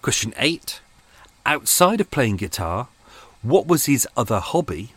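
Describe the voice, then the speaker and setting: A man's voice: mid-range voice, sing-song, measured pace, a bit bright, breathy edge, no echo. A man hosting a podcast, chatting casually and rambling with self-mocking asides, recorded at home on a boat. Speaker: podcast host. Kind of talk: casual chat to listeners. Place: small home room on a boat.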